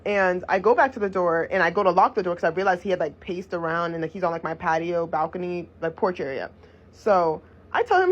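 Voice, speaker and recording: A woman's voice: medium pitch, brisk. Blunt, profane young woman telling a story. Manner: blunt, profane, animated retelling. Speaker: storyteller vlogger. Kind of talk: casual storytime vlog. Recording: dull lo-fi recording.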